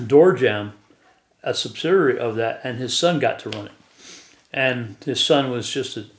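Man, guest storyteller, rambling, laughs often, echoey room. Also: mid-range voice. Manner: chuckles often while telling stories. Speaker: guest telling his life story.

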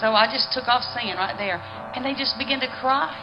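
Southern woman preaching over soft music. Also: a little high, fairly quick. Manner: warm, spontaneous, calling people up. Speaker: worship leader and singer. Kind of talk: addressing a church congregation. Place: church conference hall. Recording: lo-fi video with music behind.

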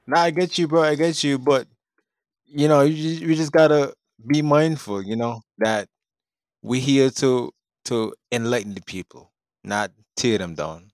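A man's voice: medium pitch, a little slow, dry recording, clean studio sound. A man co-hosting a casual podcast chat, upbeat, easygoing and affirming. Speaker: podcast co-host.

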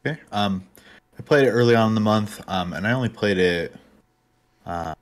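Deep-voiced man, hesitant casual talk. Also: moderate pace. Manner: hesitant, many ums and restarts. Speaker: podcast co-host. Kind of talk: casual chat.

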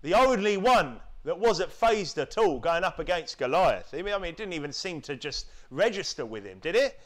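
Preacher from the UK, man with a high voice, forceful sermon, mocks complainers in whiny put-on voices. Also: very animated, normal speed. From United Kingdom. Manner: rhetorical, keeps asking tag questions; mimics whining voices to mock them.

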